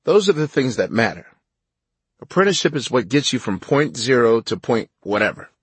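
A man narrating his own nonfiction audiobook in a measured, reflective way. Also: medium pitch, slightly rough, no echo.

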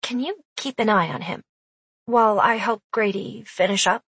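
A woman voicing a caring, soft-hearted young girl in an audiobook, speaking gently. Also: mid-range voice, moderate pace, husky, no echo. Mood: tender.

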